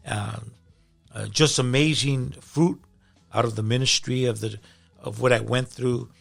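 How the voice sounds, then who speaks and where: Middle-aged pastor, male, gravelly timbre, earnest testimony, stumbles and repeats when moved, faint music underneath. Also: medium pitch, steady tone, unhurried. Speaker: pastor, podcast guest. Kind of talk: personal testimony in conversation.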